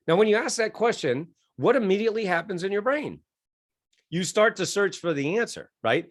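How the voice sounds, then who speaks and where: A middle-aged man speaks as an interview guest in a slightly higher register. He tells stories with lively energy, acting out quoted voices and laughing often. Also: a little fast.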